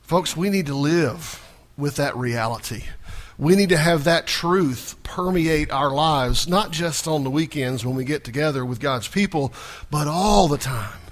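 A man's voice: on the high side, animated, unhurried. A male pastor preaching a sermon in a conversational, folksy way, often restarting and repeating small words.

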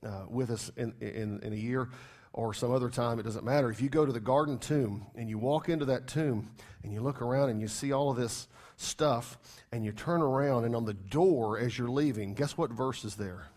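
A man's voice: medium pitch, moderate pace, darkish tone. A man preaching a sermon as pastor, emphatic, repeating key phrases and firing rhetorical questions at the congregation.

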